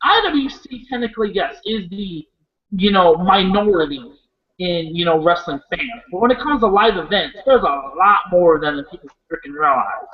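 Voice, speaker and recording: Man from Iowa, casual wrestling chat, lively rising and falling pitch, rambling, profane, dull lo-fi sound. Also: normal speed. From Iowa, USA. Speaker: wrestling show co-host.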